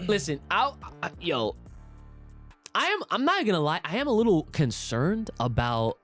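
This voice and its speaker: A man's voice: sits high, big pitch swings, unhurried, a bit bright, soft background music. A young man co-hosting a casual podcast, talking animatedly, swearing and laughing as he reads listener comments aloud. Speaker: podcast co-host.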